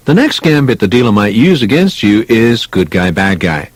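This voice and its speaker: A man's voice: lowish voice, normal speed, few pauses, no echo, rough recording. Male narrator for self-help audiobook: emphatic, chatty storyteller, dry close-mic sound. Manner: emphatic, conversational, lively storytelling.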